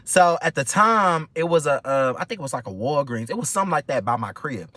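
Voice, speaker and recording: A man telling a storytime vlog in an animated, gossipy way and swearing freely. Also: on the high side, brisk, no room sound. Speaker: vlog host.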